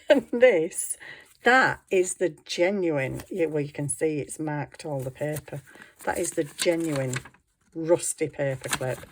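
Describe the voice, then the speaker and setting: A middle-aged woman talks casually through her handmade work. Her voice sits a little on the low side, and she giggles and pokes fun at herself as she goes. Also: a little mellow, slight background noise. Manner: chatty, giggly, self-deprecating. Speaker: craft vlogger. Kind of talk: casual show-and-tell narration.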